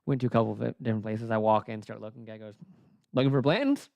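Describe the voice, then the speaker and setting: A man's voice: fairly low pitch, fast, vocal fry, darkish tone, no room sound. A tired man co-hosting a casual talk stream, offhand and joking. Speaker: podcast co-host. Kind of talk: casual chat.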